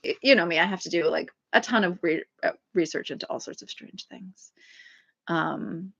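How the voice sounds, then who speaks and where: A woman's voice: lowish voice, normal speed, gravelly, a bit bright, husky, highs cut off. A woman author chatting casually on a livestream, rambling with lots of fillers and small laughs as she answers viewers.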